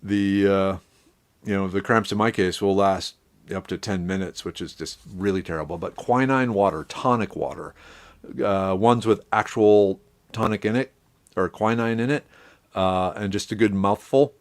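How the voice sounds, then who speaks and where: A middle-aged man hosting a live stream, chatting casually with viewers in a relaxed, rambling way and greeting them by name. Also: fairly low pitch, normal speed.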